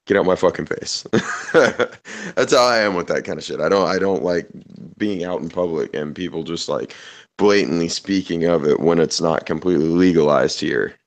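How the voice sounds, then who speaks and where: A man's voice: low-pitched, normal speed. A man in casual chat on a voice call, telling rambling, profane stories and laughing often. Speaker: podcast host.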